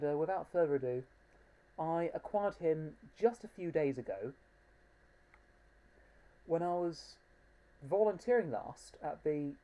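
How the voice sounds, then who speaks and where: Slow, low-voiced woman reviewing a toy. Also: muffled recording. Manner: hesitant, many ums and restarts, fond. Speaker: reviewer of plush toys. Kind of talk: casual home video review.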